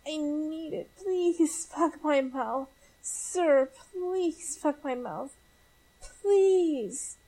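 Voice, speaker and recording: A woman playing a high, breathy, pleading elf. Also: mellow, low-quality recording.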